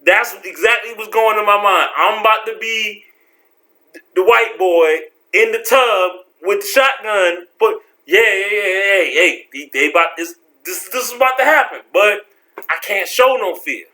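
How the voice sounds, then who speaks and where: A man telling a story from his life in a casual vlog, slangy and animated, acting out the people in it. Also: sits high, moderate pace. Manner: animated, slangy, acts out voices.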